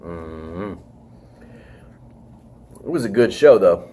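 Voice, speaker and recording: A man's voice: low-pitched, animated, drawn-out words, mellow. A man hosting a podcast, chatting casually and rambling, with frequent swearing and fillers. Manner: rambling, swearing, leans on "freaking". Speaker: podcast host. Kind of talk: casual wrestling review chat.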